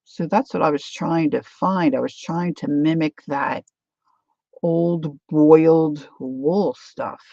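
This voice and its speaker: A woman's voice: low voice, takes it slowly, creaky, mellow, dry recording, dull audio. A woman hosting a craft livestream, rambling chattily through a demo and answering viewer comments.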